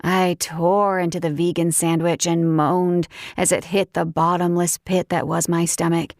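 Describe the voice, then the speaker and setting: A woman narrating a first-person audiobook, expressive and animated when voicing her own character's lines. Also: lowish voice, moderate pace, creaky, no room sound, studio quality.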